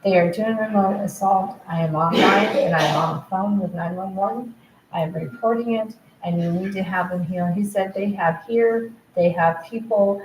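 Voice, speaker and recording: A woman's voice: on the low side, darkish tone. Agitated woman rambling in an echoey room. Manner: agitated, repeatedly relaying what others said. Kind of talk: rambling monologue to camera. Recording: roomy echo, faint background noise.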